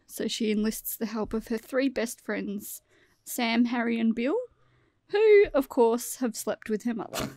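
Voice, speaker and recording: Gravelly-voiced woman podcast host. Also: a little high, measured pace, a little mellow, no echo. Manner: laughing, storyteller. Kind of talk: casual plot retelling.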